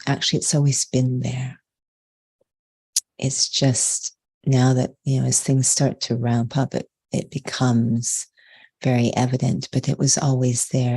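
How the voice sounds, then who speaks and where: Calm woman, gravelly warm voice. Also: rumbling low. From Canada. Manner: calm, measured, unhurried. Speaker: meditation teacher, guest. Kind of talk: slow reflective spiritual talk.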